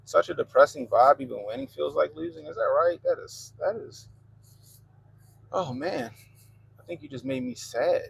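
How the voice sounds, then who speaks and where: A man's voice: fairly high pitch, sing-song, moderate pace, creaky, slight background noise, poor audio. A man with a Baltimore accent hosting a livestream, chatting loosely and profanely while reading comments. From Baltimore, Maryland. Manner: loose, profane, laid-back banter. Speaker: livestream host.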